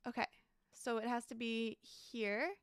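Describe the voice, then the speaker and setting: Young female streamer, bubbly and chatty, high-pitched, dry close mic. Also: measured pace, smooth, dry recording. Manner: bubbly, repeats exclamations, thanks chat excitedly. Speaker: game streamer. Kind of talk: casual live-stream chat while building in a game.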